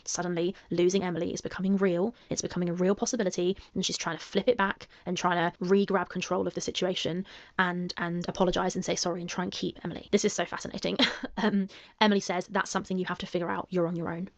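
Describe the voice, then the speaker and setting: A woman with a calming voice giving measured commentary, reading messages aloud and asking pointed rhetorical questions. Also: on the low side. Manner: analytical, emphatic rhetorical questions.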